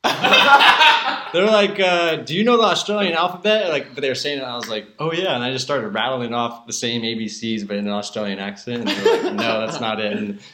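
A young man from Southern California, a podcast guest telling stories in a relaxed, rambling way and laughing often. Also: mid-range voice, brisk, noisy background. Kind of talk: casual podcast chat. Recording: roomy echo.

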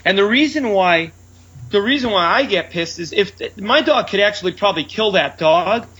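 Brash loud comedian guy chatting, high bright voice, kinda husky, dull lo-fi sound. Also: lively intonation, normal speed. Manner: loud, brash storyteller who acts out his own lines. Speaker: comedian and show headliner. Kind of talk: casual chat.

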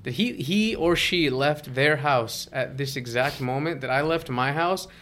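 A man's voice: fairly high pitch, measured pace, a bit bright, slight background noise. A man musing reflectively in a casual conversation. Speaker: conversation participant. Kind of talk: casual chat.

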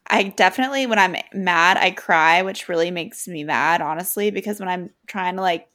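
A woman's voice: fairly low pitch, moderate pace, a bit bright. A young woman co-hosting a podcast, chatting casually and musing about her feelings with frequent fillers. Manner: chatty, reflective, many fillers. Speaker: podcast co-host. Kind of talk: casual chat.

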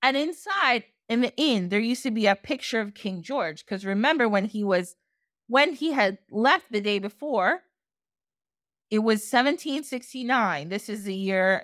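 A woman podcast host retelling a folk tale in casual, animated storytelling, laughing often. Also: mid-range voice, moderate pace, no echo, clean studio sound.

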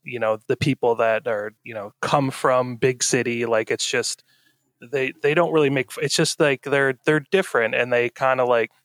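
A man's voice: medium pitch, steady tone, normal speed, a bit bright, no echo, clean studio sound. A man with a young daughter chatting casually on a podcast, rambling with lots of fillers and restarts. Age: adult with a young daughter. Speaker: podcast co-host. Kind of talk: casual chat.

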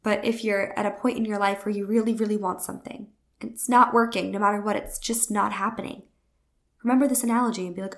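Earnest woman with vocal fry. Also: medium pitch, steady tone, quick pace, a bit bright. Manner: earnest, casual, frequent "like" fillers. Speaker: podcast host. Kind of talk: spiritual self-development monologue.

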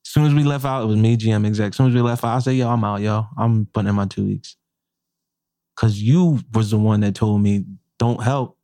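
A man's voice: on the low side, fairly quick, no room sound, clean studio sound. A man, a chef and podcast co-host, telling a profane workplace story in casual talk and acting out the quotes. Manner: animated, profane, acts out quotes.

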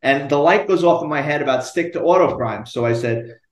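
Animated New ex-cop telling stories. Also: male voice, fairly high pitch, a little fast, reverberant. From New York. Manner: animated, profane, acts out quotes. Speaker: retired police detective, guest. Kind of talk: storytelling in a podcast interview.

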